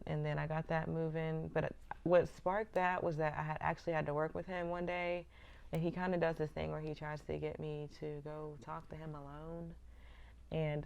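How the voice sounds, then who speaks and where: A young woman vlogs in a casual, candid way and keeps calling her viewers y'all. Her voice sits low, with a gravelly fry on it. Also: darkish tone, highs cut off. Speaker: vlogger. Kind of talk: casual vlog talk to viewers.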